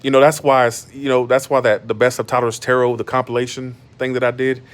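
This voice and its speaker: A man's voice: medium pitch, flat delivery, quick pace. A man in his thirties from Georgia, ranting bluntly to his stream audience from his bed, with many restarts. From Georgia, USA. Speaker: YouTuber. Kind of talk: casual monologue on a live stream. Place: in bed at home.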